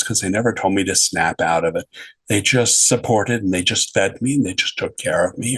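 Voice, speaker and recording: A middle-aged man, a podcast guest, telling a personal story in a halting way, often repeating and correcting his words. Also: sits low, a bit bright, husky, rough recording.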